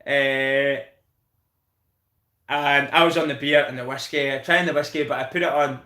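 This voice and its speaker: A Scottish man hosting a live stream, chatting in a rambling, excitable way and swearing freely. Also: mid-range voice, a little slow, long pauses, reverberant. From Scotland. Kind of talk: casual live-stream chat.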